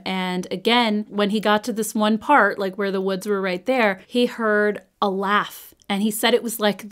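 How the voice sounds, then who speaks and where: Woman host, get-ready-with-me storytime, chatty and animated, casual filler words. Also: mid-range voice.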